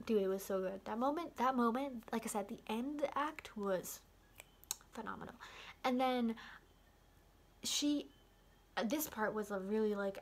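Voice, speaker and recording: A woman's voice: fairly high pitch, slight background noise. Chatty young woman rambling through a recap. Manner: rambling, heavy use of "like", excited asides. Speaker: vlogger. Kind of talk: casual film recap.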